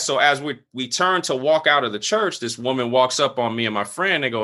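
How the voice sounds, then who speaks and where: A man's voice: a little fast, hardly any pauses. A middle-aged man, a pastor, telling a personal story in casual conversation, full of fillers and acting out other people's lines in a raised voice. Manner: animated, acts out quoted voices at higher pitch.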